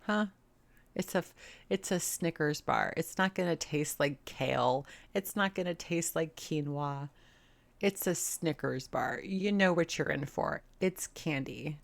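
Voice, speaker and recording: A woman's voice: sits low, a little slow, gravelly. A woman hosting a reaction video, talking bluntly and sarcastically and swearing often. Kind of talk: casual commentary.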